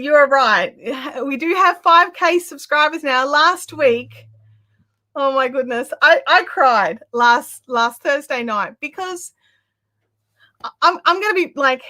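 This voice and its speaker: Bright, chatty woman hosting a live stream. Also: on the high side. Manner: chatty and excitable, with frequent restarts. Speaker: craft channel host. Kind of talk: casual live-stream chat.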